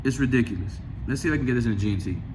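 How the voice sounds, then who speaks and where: A religious video host, a man with a medium-pitched voice, races through casual commentary on scripture and his own life, with background noise audible. He rambles, restarts often, reads scripture, and sometimes acts out conversations, raising his voice to retell them.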